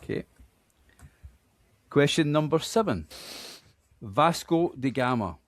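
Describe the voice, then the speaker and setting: A man's voice: fairly high pitch, lively intonation, dry recording. A man from Scotland with a Scottish accent, hosting a podcast quiz in a chatty, self-deprecating way. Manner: chatty, self-deprecating, reads names out slowly. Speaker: quiz host.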